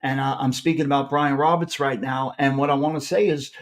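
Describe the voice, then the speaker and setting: A man's voice: mid-range voice, brisk. A middle-aged man with a New York accent, hosting a live podcast and telling rambling stories with many restarts. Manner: rambling, self-interrupting, animated storyteller. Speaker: podcast host. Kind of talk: casual storytelling on a live podcast.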